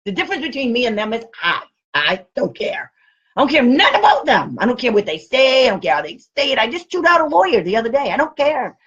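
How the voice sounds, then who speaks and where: A woman's voice: on the high side, sing-song, fast talker, hardly any pauses, a bit bright, slightly rough, highs cut off. A woman special education advocate talking casually to camera, blunt and outspoken, often laughing as she speaks.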